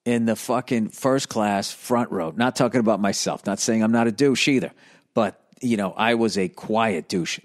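A man's voice: on the low side, moderate pace. A male comedian telling a story as a profane, exasperated, rambling casual rant. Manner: rambling with restarts.

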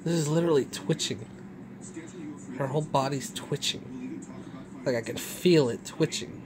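Soft-spoken vlogger hushing and reassuring. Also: medium pitch, unhurried, a crowd in the background. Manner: soft, hushed, reassuring, slipping into whispers. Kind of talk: casual vlog, soothing a pet.

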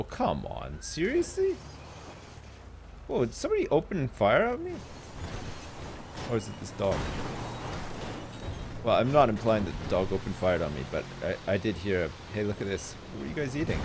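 A man streaming a video game, commenting live in an excitable, jokey way with plenty of swearing. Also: on the low side, normal speed, long pauses, background noise.

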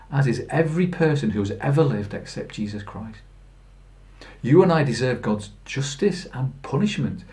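A man's voice: medium pitch, a little mellow. A man preaching a Good Friday sermon in plain storytelling, earnest, with fillers and restarts. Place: church.

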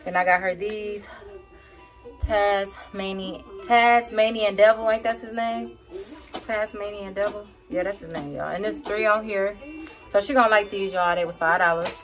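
A woman's voice: mid-range voice, steady tone, moderate pace, soft background music. Chatty woman vlogging to her viewers. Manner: chatty, talks straight to viewers with "y'all". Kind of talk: casual vlog chat.

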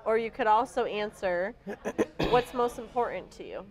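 A woman's voice: medium pitch, animated, unhurried, low-quality recording. A woman pastor conducts a casual interview on local television. She speaks in a middling voice, asking her guest questions in a friendly way.

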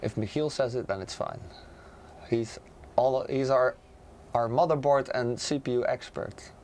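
A man with a raspy, hoarse voice from being sick, co-hosting a casual livestream at an ordinary mid pitch. He talks in stop-start bursts, full of fillers and restarts. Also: measured pace, a little mellow, a little hiss or hum. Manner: hesitant, many fillers and restarts. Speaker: livestream co-host.

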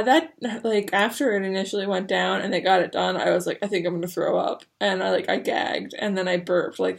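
A woman's voice: medium pitch, gravelly. A young woman vlogger telling a story to the camera in a casual, rambling way, full of fillers. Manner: chatty, rambling with many fillers.

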